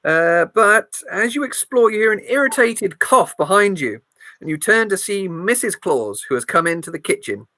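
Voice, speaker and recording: A woman's voice: medium pitch, animated, normal speed, bright, forceful tone, no echo. A woman running a tabletop game as game master, narrating scenes with playful description and small slips.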